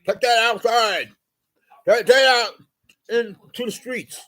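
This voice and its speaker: A man voicing a hostile fast-food worker who yells in a high, indignant voice. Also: exaggerated voice. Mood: angry shouting. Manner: yelling, high-pitched, indignant.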